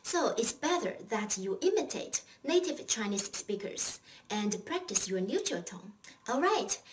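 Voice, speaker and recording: A woman's voice: a little high, recorded from a distance, slight background noise, low-quality recording. A woman teaching a recorded language lesson, patiently explaining and leading repeat-after-me drills.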